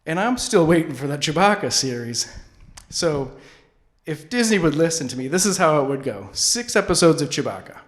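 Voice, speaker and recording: A man's voice: a little high, big pitch swings, moderate pace. A man hosting a public access comedy show, delivering a rambling, goofy monologue full of restarts. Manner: rambling, self-interrupting, goofy.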